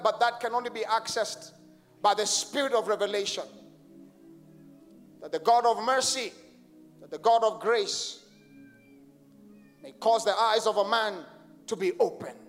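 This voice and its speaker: Male pastor, very high voice, fervent shouted sermon with crowd call-and-response, long reverb, music underneath. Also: a little slow, pauses often. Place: large stadium crusade.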